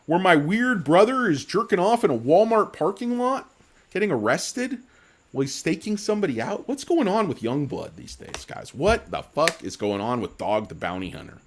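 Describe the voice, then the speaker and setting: A man's voice: high-pitched, big pitch swings, moderate pace. A man hosting a casual stock market show, ranting in a profane, sarcastic, rambling way with comic insults. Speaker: stock commentary host.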